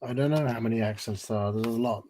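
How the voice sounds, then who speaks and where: A man's voice: medium pitch, fast, noisy background. A man chatting casually in a laid-back, joking way.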